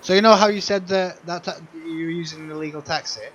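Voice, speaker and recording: A man co-hosting a podcast who cuts in with loud jokes during casual banter. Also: a little high, steady tone, fast, a little hiss or hum, rough recording. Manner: joking, interrupting, loud. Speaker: podcast co-host.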